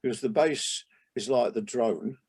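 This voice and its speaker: An older man, a jazz trumpeter, reminiscing in a relaxed interview, rambling with many restarts and asides. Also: mid-range voice, measured pace, slightly rough. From England.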